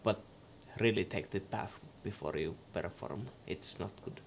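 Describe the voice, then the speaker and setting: A man's voice: deep voice, a little slow, a little hiss or hum. Man doing a blunt haggling innkeeper. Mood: bargaining. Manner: blunt bargaining. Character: haggling male innkeeper, brisk and businesslike. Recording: background music.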